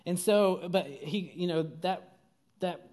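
A man's voice: sits high, takes it slowly, a little mellow. A man from Georgia, preaching a casual, conversational sermon full of fillers and restarts.

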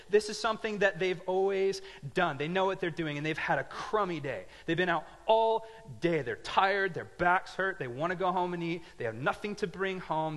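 A man preaching a sermon, telling a story with lively swings from quiet asides to loud emphatic lines. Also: high voice, in a large hall. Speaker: pastor.

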